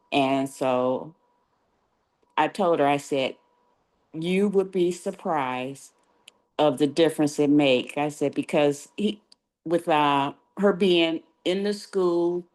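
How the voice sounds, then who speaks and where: An older woman with a low voice tells a personal story at a slow, easy pace. She is chatty and breaks into laughter now and then, quoting family members as she goes. She speaks through a video-call microphone. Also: a little mellow. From California. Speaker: caller sharing a testimonial. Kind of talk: casual storytelling.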